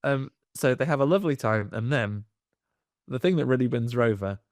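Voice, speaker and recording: Podcast host, man, mid pitch, dry close sound, jokey plot recap. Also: animated, brisk, dry recording. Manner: jokey retelling, puts on silly voices. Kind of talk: casual film-review chat.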